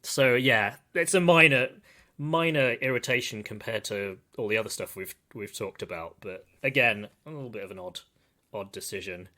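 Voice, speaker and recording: A man's voice: on the low side, moderate pace, sharp tone. A man hosting a podcast, discussing a film in casual, digressive chat and calling himself a pedant. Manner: thoughtful, digressive, self-described pedant. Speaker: podcast host.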